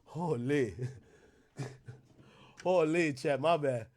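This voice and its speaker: A man hosting a livestream, ranting loudly and profanely, often laughing and now and then rapping lines in a casual chat. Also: extremely high pitch, very animated, unhurried, long pauses, very noisy. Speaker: livestream host.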